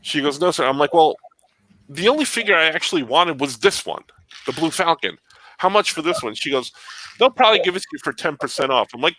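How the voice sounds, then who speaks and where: A man's voice: on the high side, expressive, fairly quick, pushed and bright, slight background noise, poor audio. A man telling a long story in casual chat, acting out both sides of the conversation.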